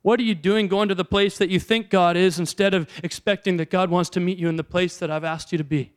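A man's voice: high-pitched, steady tone, fast, clean tone. A man preaching a sermon as a pastor, talking in a conversational way and asking his listeners rhetorical questions.

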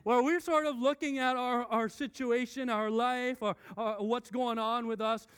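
A man in his thirties, a pastor preaching a sermon and telling a family story with lots of animated restarts. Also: extremely high pitch, unhurried, smooth.

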